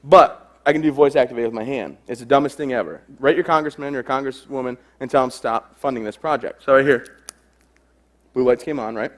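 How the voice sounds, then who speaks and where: A man's voice: mid-range voice, fairly quick. A young adult man giving a humorous stage talk to a live audience, telling self-deprecating stories. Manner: joking, self-deprecating storyteller. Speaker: keynote speaker.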